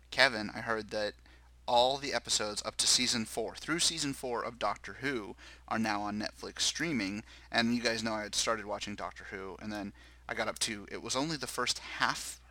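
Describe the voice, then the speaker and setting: A man's voice: on the low side, moderate pace, bright, forceful tone, poor audio. A man hosting a podcast in casual banter, joking and self-deprecating as he rambles through his week. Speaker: podcast host.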